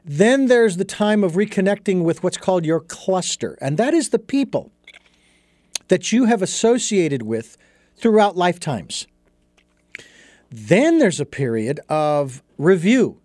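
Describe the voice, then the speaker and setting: A man's voice: high-pitched, sing-song, a little slow, darkish tone, no room sound, studio quality. A man as an interview guest, telling a story and explaining his ideas in an earnest, thoughtful way. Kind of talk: reflective storytelling in conversation.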